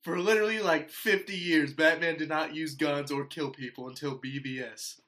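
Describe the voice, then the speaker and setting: A man's voice: fairly high pitch, steady tone, normal speed, fairly bright tone. A young man hosting a casual podcast, teasing his friends and steering the talk with questions.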